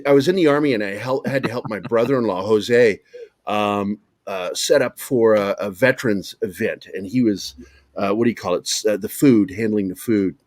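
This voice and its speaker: A man's voice: fairly low pitch, normal speed, a little mellow, no echo, studio quality. A man from Virginia with a Southern accent, a former soldier telling blunt, profane stories on a podcast panel. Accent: American Southern. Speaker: podcast panelist, army veteran. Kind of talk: casual storytelling.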